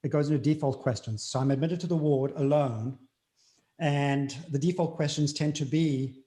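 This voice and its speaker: A man's voice: fairly high pitch, fairly even intonation, moderate pace, warm tone. A man with a South African accent, speaking earnestly as an interview guest and repeating key phrases for emphasis. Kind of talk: reflective interview talk.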